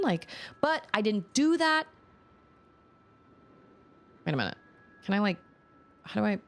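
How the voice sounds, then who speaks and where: A woman's voice: deep voice, a little hiss or hum. A woman in her thirties, a streamer casually telling a long story while playing a game, rambling and self-conscious with many restarts.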